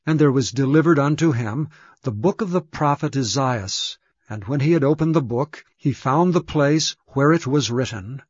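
A man giving a measured, solemn scripture reading. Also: medium pitch, darkish tone, slightly rough, dry recording. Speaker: scripture reader. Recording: dull, dry lo-fi recording.

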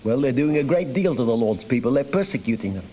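A man's voice: mid-range voice, very animated, fast talker, dark tone, a little hiss or hum, rough recording. A man preaching a sermon on a psalm, earnest and emphatic, reading scripture aloud between his own comments.

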